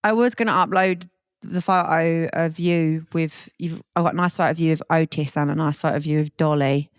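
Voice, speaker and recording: A woman's voice: sits low, fairly even intonation, clear, resonant tone, no echo, studio quality. A young woman in her twenties, co-hosting a podcast in casual chat, reacting and teasing her co-host. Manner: reactive, quick teasing interjections.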